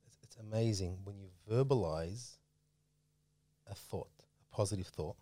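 Host, man, low voice, dry close sound, emphatic and preachy. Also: moderate pace, warm tone, no echo. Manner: emphatic, preachy, rising to stress points. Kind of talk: casual religious talk.

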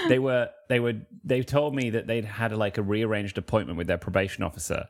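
With a lowish, steady voice at normal speed, this Mancunian guest, a comedian and freestyle rapper from Manchester, England, chats casually. He rambles through wry anecdotes.

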